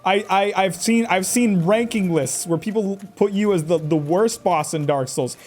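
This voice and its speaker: A man's voice: high-pitched, moderate pace, few pauses, a little mellow. A man streaming a game live, joking and trash-talking the boss and characters as he plays. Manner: jokey, talks back at the game. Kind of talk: live gameplay commentary.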